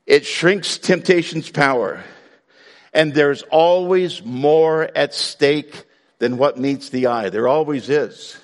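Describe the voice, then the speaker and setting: A man preaching a sermon to his congregation in a conversational way, breaking now and then into loud outbursts. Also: on the high side, slow pace, long reverb tail. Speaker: pastor.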